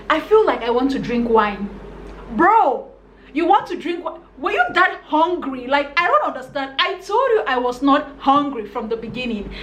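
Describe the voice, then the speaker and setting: A young woman from Cameroon telling a story on her vlog in a casual, animated and exasperated way, acting out the other people in it. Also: high voice. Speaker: vlogger. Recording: echoey room with faint noise.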